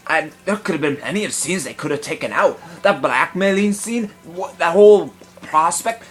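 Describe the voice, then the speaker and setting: A man giving a comedic film review in a pompous, affected gentlemanly put-on voice, indignant and long-winded. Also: on the high side, animated, normal speed. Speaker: movie reviewer.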